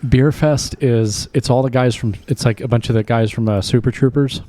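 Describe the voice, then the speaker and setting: A man's voice: mid-range voice, steady tone, normal speed, dark tone, no room sound. Man, podcast co-host, casual chat, laid-back storytelling.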